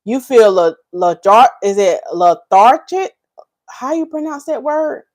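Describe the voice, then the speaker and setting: A woman's voice: fairly high pitch, a little slow. Laughing woman hosting a livestream. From North Carolina, US. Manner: laughs often, teasing, animated, Southern Black vernacular. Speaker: hair care livestream host. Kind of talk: casual livestream chat reading comments.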